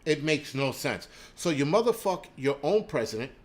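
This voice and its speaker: A man's voice: on the high side, very animated, normal speed. A man hosting a livestream, ranting angrily and profanely, stopping to read out viewer comments and donations. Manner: reads viewer names and donations aloud. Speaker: livestream host.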